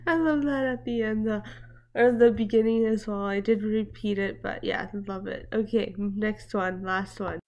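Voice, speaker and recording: A woman's voice: mid-range voice, fairly even intonation, a little slow, pauses often, a little mellow, highs cut off. A woman hosting a reaction video from home, chatting casually, exclaiming and laughing often as she comments. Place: at home with her dogs nearby.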